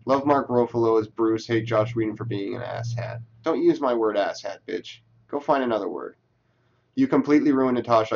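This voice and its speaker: A man's voice: mid-range voice, darkish tone. Sarcastic, profane man, lo-fi sound. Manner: sarcastic, profane, talks back to what he reads. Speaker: commentator reading tweets. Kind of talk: casual reaction commentary.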